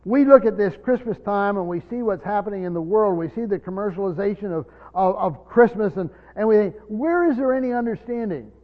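Speaking briskly with hardly any pauses, a man delivers a teacherly Bible sermon, frequently repeating words as he explains. His voice drops low when he reads scripture, and the dull recording echoes with a hall's long reverb.

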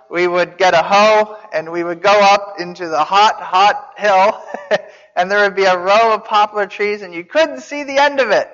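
A man's voice: high-pitched, fairly bright tone. A man teaching a Bible sermon as a pastor, conversational, asking his listeners questions with some restarts. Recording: dull sound in a reverberant hall.

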